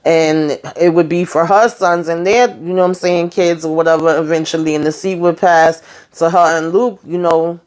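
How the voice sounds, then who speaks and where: A woman's voice: lowish voice, fairly even intonation, normal speed, darkish tone, smooth. Chatty sassy woman recapping a show. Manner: chatty, sassy asides, many fillers. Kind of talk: casual recap commentary.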